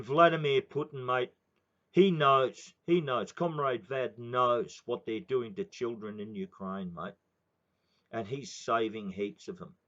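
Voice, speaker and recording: A man's voice: on the low side, fairly bright tone. Ranting Aussie man in his sixties, lo-fi. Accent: Australian. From Australia. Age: 60s. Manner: swearing, heated, repetitive. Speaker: political commentator. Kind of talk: ranting monologue. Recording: dull lo-fi recording.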